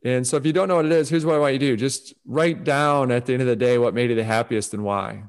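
A man talking through practical advice on focus and saying no. He is animated and slips into quick impressions of the people he quotes. His voice sits at an ordinary middle pitch. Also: clear, resonant tone. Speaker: guest speaker on focus and success. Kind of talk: conversational advice talk.

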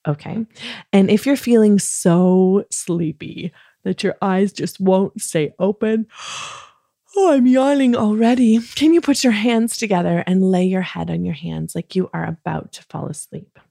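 A woman hosting a children's bedtime podcast, talking in a soft, soothing, gentle way. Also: fairly low pitch, creaky, dry recording, studio quality. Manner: soft, slow, soothing, playfully acts out yawns. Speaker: host of a kids bedtime podcast.

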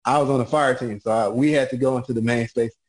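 A man's voice: mid-range voice, quick pace. A man telling stories from his Navy service as a podcast guest, laughing often and briefly mimicking shipmates. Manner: laughing, animated impressions of shipmates. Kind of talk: casual storytelling.

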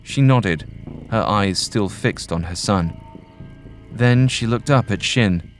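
A man narrating a scripted ghost story in a calm, measured manner. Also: on the low side. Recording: narration over soft music.

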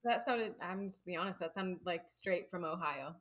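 A woman's voice: lowish voice, normal speed, a bit bright. A woman from the Midwest with a Midwestern accent, co-hosting a Bible study podcast, teasing and laughing easily in casual chat over a video call.

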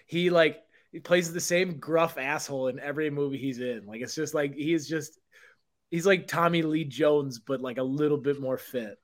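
A man's voice: fairly high pitch, moderate pace. A man co-hosting a podcast in casual chat, ranting with lots of swearing. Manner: profane, animated ranting. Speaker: podcast co-host.

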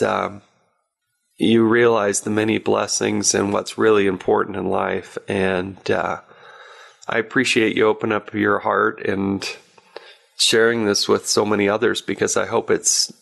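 A man hosting a podcast, speaking in a halting, heartfelt way with many restarts while choked up. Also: lowish voice, creaky, fairly bright tone. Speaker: podcast host. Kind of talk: emotional interview wrap-up.

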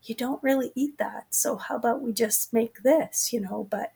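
A woman's voice: fairly high pitch, moderate pace, gravelly, breathy edge. A woman, a guest in a casual interview, telling funny stories about crewing for her husband's races, laughing often and acting out what people said. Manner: animated, laughs often, acts out quoted lines. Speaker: guest, crew for an ultrarunner husband.

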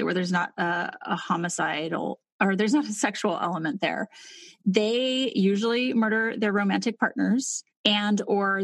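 A woman's voice: mid-range voice, no echo. Woman explaining casually with many fillers. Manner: thinks aloud, many fillers and restarts. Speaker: podcast co-host.

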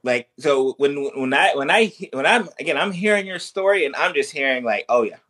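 A man's voice: fairly high pitch, expressive, brisk, pushed and bright. A man hosting an interview, talking hesitantly and restarting his sentences often. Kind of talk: interview conversation.

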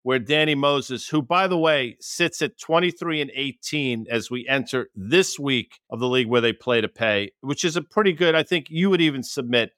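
A man's voice: mid-range voice, moderate pace, hardly any pauses, a bit bright, no room sound. A man co-hosts a podcast with a wry, teasing manner. His voice sits in a middle range. The sound is dry and close. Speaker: podcast co-host. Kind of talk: casual podcast chat.

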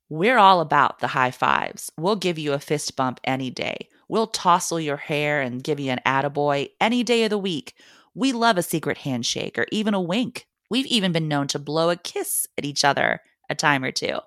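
Low-voiced woman reading her essay. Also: animated, moderate pace, a bit bright, no echo, clean studio sound. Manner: wry, humorous storytelling. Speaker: podcast host and mother. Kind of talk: reading a personal essay aloud.

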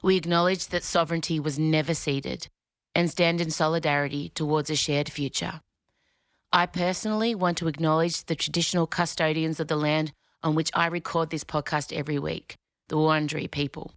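An Australian woman reading a formal acknowledgement slowly and solemnly. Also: low-pitched, fairly even intonation, no room sound, clean studio sound. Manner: slow, solemn. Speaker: podcast host. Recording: soft music underneath.

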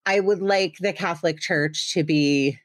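Chatty, teasing woman podcast host, slightly low voice. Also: measured pace, dry recording, clean studio sound. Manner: chatty, self-deprecating, teasing. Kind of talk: casual chat.

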